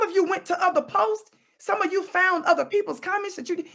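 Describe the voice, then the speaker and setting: High, gravelly woman ranting. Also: a little fast, few pauses. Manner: animated and preachy, repeating words for emphasis; teasing, breaks into laughter. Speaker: talk show host. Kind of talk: opinionated commentary monologue.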